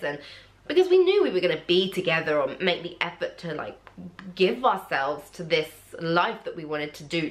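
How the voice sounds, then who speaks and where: A young woman talks casually to the camera, retelling a personal story. Her pitch swings widely, leaping up high whenever she acts out what someone said. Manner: animated, acts out quotes in a jumpy high voice. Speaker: vlogger.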